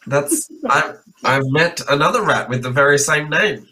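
A man's voice: on the high side, animated, moderate pace, sharp tone, slight background noise, poor audio. A man playing a tabletop game, talking in a hesitant, playful way with many fillers. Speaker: player.

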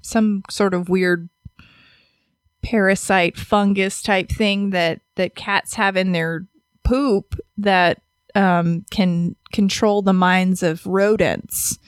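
A woman's voice: medium pitch, steady tone, slow pace, clear, resonant tone, no echo, studio quality. A woman co-hosting a casual podcast chat, joking and giggling with her friend. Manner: giggly, joking, talks over co-host. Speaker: podcast co-host. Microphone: studio mic.

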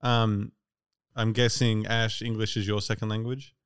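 A man's voice: lowish voice, level tone, measured pace, clear, resonant tone. A man hosting a podcast in casual chat, chatty and laughing often, swearing freely. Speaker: podcast host.

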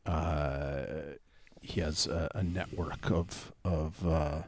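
A man co-hosting a casual comedy podcast, talking in a halting way as he builds dark, absurd details. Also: rumbling low, fairly even intonation, breathy edge, no echo. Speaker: podcast co-host. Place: home, remote call.

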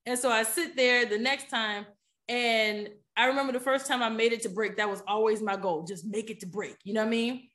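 A woman's voice: on the high side, brisk. Chatty woman telling a story. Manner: animated, chatty, keeps asking "you know what I'm saying?". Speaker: podcast guest, poker player. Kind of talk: casual storytelling in an interview.

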